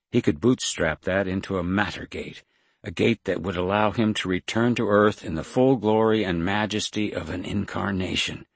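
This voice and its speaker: A man narrating a science fiction audiobook in a measured, steady storytelling manner. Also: deep voice, slightly rough, dry recording. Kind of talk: scripted narration.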